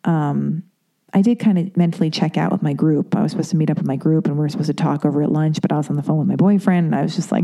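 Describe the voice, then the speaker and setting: Dark-voiced woman rambling confessionally. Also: deep voice, fairly even intonation, fast, vocal fry. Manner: rambling, confessional, heavy use of "like". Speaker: storyteller. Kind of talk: candid personal monologue.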